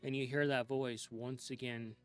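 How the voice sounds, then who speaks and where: A man slowly narrating a dark scene as game master of a tabletop role-playing game, in a hushed, drawn-out storytelling manner. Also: medium pitch, flat delivery, soft background music.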